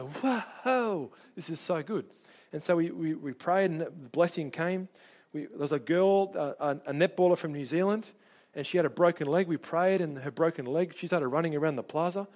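A middle-aged man preaches with a fairly high voice that climbs and drops with his stories. He tells anecdotes in an animated way and briefly takes on the voices of the people in them. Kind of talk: sermon with personal stories.

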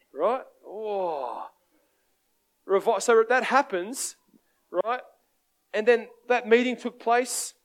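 A man with an Australian accent preaching a sermon, telling stories in a conversational, animated way and asking the congregation for amens. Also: high voice. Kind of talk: sermon with storytelling.

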